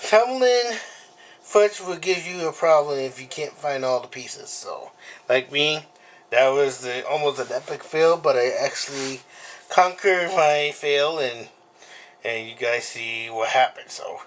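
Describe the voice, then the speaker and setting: Man hosting a casual home vlog, slightly high voice, halting and rambling, noisy camera-mic audio. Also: fairly bright tone. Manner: rambling, halting, apologetic, with many fillers. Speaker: video host.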